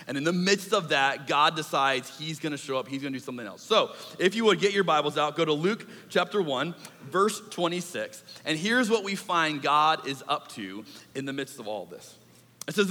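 A man preaching a sermon as pastor in a church, in an animated, conversational way with acted asides. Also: a little high, moderate pace. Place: church sanctuary. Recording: church hall reverb.

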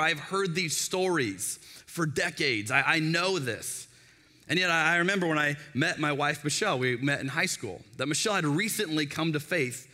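A man in his thirties preaching a sermon as pastor, telling stories and acting out the voices of the people in them. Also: fairly high pitch. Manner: animated storytelling, acts out quoted voices. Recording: long hall reverb.

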